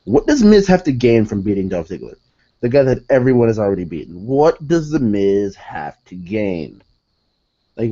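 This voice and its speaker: A man reviewing a wrestling show in a casual, rambling rant, excitable and profane, often restarting his sentences. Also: lowish voice, normal speed, muffled recording.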